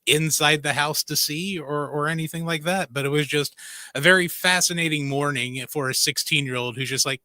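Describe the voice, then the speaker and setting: A man co-hosting a radio show, telling a story in a relaxed way and chuckling. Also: on the high side, normal speed, no room sound. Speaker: radio co-host. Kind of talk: casual storytelling chat.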